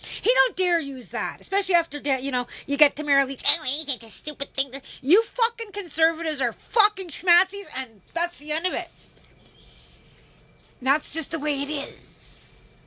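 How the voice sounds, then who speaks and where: Lady host ranting on stream, swears every other word, high pitched. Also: expressive, moderate pace, bright, forceful tone, dry recording. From Canada. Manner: profane, sarcastic, heavy swearing, greets viewers. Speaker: livestream host. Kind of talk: casual ranting livestream chat.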